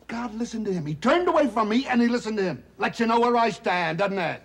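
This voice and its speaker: An actor playing a loud, wisecracking, self-pitying middle-aged talent agent in a 1970s television drama. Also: male voice, sits high, expressive, quick pace, vocal fry. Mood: aggrieved. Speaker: theatrical agent.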